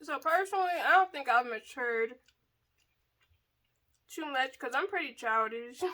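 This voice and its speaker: A woman's voice: high voice, expressive, slow pace, bright, forceful tone. A woman hosting a casual eat-with-me video, chatty and playful, laughing often as she talks. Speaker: mukbang vlogger.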